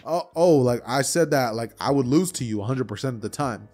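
A man's voice: medium pitch, expressive, fairly quick, a little mellow, natural voice. A man voicing a nervous, jokey teenage boy classmate, flustered and stammering, in a narrated fan story.

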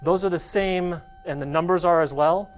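A man's voice: fairly high pitch, moderate pace, faint music behind, rough recording. A male professor giving a casual, hands-on classroom demonstration and checking in with his students with a frequent "okay?". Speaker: college professor.

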